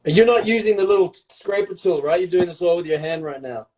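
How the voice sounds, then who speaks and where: A man's voice: high-pitched, fast, background noise. A middle-aged man chatting casually and joking on a live stream as he bakes along. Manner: playful, rambling, jokes and teases. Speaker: co-host baking along.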